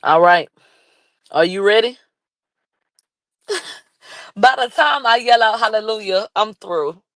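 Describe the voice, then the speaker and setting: Woman w/ doing a hyped live commentary stream, slow drawn-out talk, close dry mic. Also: mid-range voice, no echo. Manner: animated, shouts and laughs, reads chat aloud. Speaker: commentary vlogger.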